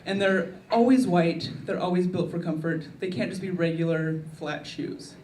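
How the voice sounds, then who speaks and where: A woman's voice: lowish voice, normal speed, a little mellow, distant mic, a little hiss or hum. Wry woman comic in an echoey club. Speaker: stand-up comedian. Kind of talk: stand-up routine. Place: comedy club. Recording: echoey club miked from afar, crowd laughter.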